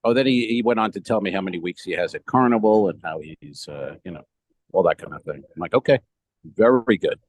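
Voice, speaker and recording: A man with a low voice and a dry, close sound, chatting on a comedy podcast. He rambles through anecdotes and swears casually. He laughs as he talks, joining over a remote call. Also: quick pace, no echo, low-quality recording. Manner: rambling,喜 swearing, laughs while telling stories. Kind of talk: casual chat. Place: remote call from a cruise ship.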